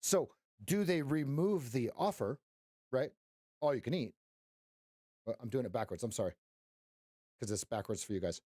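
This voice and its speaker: A man's voice: mid-range voice, expressive, moderate pace, dark tone, dry recording. Dry-voiced man calling live trades. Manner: wry, teasing, talks to chat. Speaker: live day-trading streamer. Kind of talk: live trading commentary.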